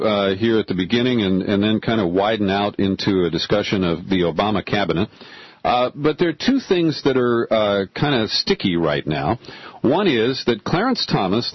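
Husky-voiced male radio talk host. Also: lowish voice, normal speed, no room sound. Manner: opinionated, sarcastic, lively delivery. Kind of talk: radio talk show monologue. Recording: dull lo-fi radio broadcast.

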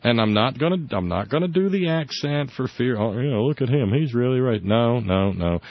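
A sardonic man rambles through casual political chat at an average pitch, often restarting his sentences. The recording is dull and lo-fi, with a dry, close sound and no room around the voice. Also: expressive, fairly quick, no echo. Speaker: podcast host.

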